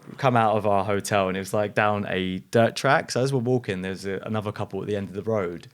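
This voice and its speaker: A man's voice: lowish voice, fast. A man, a guest telling a rambling anecdote in casual chat, full of slang and fillers. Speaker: interview guest. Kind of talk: casual storytelling.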